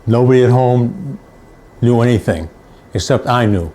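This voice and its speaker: Mellow older man telling sports stories. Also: mid-range voice, normal speed. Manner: anecdotal, repeats phrases for emphasis. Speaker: sports reporter. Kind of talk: storytelling.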